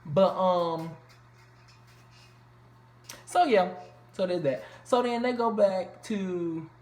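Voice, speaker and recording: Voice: medium pitch, drawn-out words, darkish tone. A reviewer recapping a reality TV episode in loose, profane, chatty slang with lots of fillers. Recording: echoey room with faint background noise.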